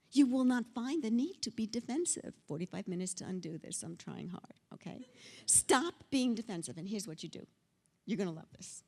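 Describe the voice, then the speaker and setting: Before a conference hall audience, an older keynote speaker plays up her talk with theatrical teasing, voicing the people she quotes. Her voice is lowish and mellow.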